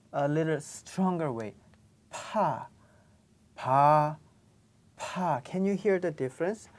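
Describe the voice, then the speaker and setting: A woman's voice: on the low side, darkish tone. A woman teaching pronunciation in a classroom lesson, patiently repeating each sound. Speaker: Korean language teacher.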